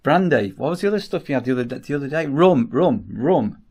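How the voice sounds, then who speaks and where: A man's voice: medium pitch, animated, quick pace, a little mellow, husky. A middle-aged man with a Northern English accent, teasing and joking in casual vlog banter. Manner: teasing, jokey, laughs often. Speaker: vlogger.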